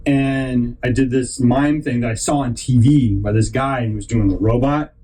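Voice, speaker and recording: A man's voice: mid-range voice, fairly even intonation, normal speed, warm tone, rough recording. A man hosting a podcast, telling a long rambling story and acting out other people's lines in put-on voices. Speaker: podcast host.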